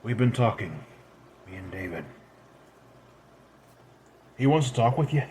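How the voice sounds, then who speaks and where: A man voicing a sly, hardened immortal woman, who talks quietly in a dry and knowing way. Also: mid-range voice, very animated, measured pace, slight background noise.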